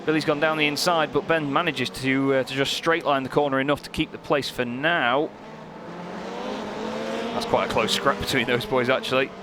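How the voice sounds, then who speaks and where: A young man commentating on a sim race, lively and joking, growing excited at close moments. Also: medium pitch, moderate pace. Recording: commentary over loud race car noise.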